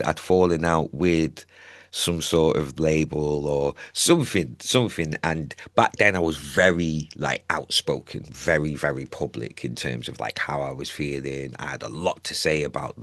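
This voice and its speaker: A man in his forties, a music artist, talking candidly in a relaxed conversation about his life and music. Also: normal speed, dry recording, clean studio sound. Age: 40s. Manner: candid, laughs and jumps high in pitch when joking. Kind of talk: casual conversation.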